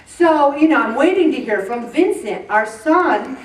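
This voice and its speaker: A middle-aged woman hosting a faith talk show, telling personal stories in an animated, self-mocking way and laughing often. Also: high-pitched, measured pace, recorded from a distance. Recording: roomy sound, voice off-mic, faint background noise.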